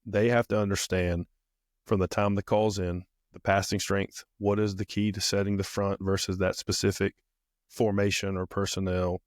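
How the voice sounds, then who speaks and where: A man co-hosting a coaching podcast, with one of the deepest voices around. He explains things in a steady, methodical way, listing one point after another. The recording is dry and close-miked. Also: normal speed, no echo. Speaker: defensive football coach and podcast co-host. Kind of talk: casual podcast chat.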